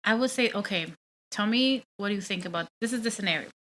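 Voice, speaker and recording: A young woman, telling dating stories in an animated, casual chat with lots of "like" and swearing. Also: medium pitch, fast, a little hiss or hum. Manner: animated storytelling, frequent "like", swearing, laughing. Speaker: podcast guest.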